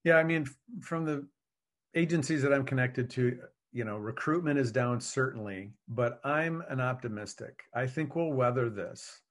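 A man in law enforcement answering interview questions in an earnest, measured way. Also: mid-range voice. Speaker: law enforcement officer, guest.

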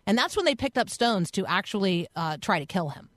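A woman's voice: on the high side, lively intonation, a little fast, hardly any pauses, no echo, studio quality. A woman radio host giving a conversational Bible teaching in an earnest, explanatory way, thinking aloud as she goes.

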